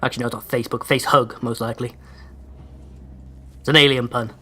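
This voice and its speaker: Male let's-play host, mid-pitched, sarcastic and crisply over-enunciated. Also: fairly even intonation, fairly quick, pushed and bright, a little hiss or hum. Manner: sardonic, sweary, over-pronounces words. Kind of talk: casual gameplay commentary.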